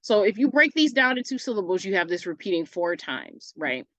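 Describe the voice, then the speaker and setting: A woman's voice: mid-range voice, sing-song, fairly quick, dry recording, muffled recording. A woman teacher giving a recorded online English lesson, casual and self-correcting, often asking "right?" as she goes.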